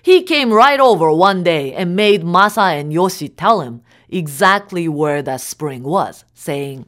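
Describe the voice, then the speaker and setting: A woman telling a folk tale aloud in an expressive, animated storytelling manner. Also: on the low side, measured pace, few pauses. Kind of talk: storybook narration.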